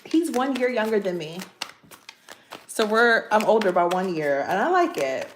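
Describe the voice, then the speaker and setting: A woman's voice: medium pitch, very animated, moderate pace. Chatty woman reading tarot in an echoey room. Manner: chatty and playful, talks straight to viewers with asides. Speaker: tarot reader. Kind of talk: casual tarot reading to camera. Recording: echoey room with faint background noise.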